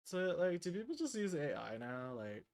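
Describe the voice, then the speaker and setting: A man's voice: sits high, sing-song, normal speed, darkish tone. A young man streaming live, telling a work story in a loose, rambling way with lots of fillers. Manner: rambling, laid-back storytelling with many fillers. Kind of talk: casual livestream chat.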